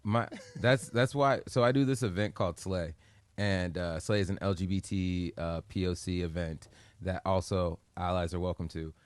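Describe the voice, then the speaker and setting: A man's voice: deep voice, normal speed, clear, resonant tone, no echo. A man co-hosting a casual chat podcast, talking emphatically and animatedly with frequent restarts. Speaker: podcast co-host.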